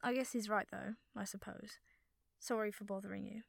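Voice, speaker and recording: A woman voicing a curious, teasing young man who speaks gently. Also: high-pitched, fairly even intonation, moderate pace, gravelly, dry recording, studio quality, full character voice. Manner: teasing, then soft and gentle.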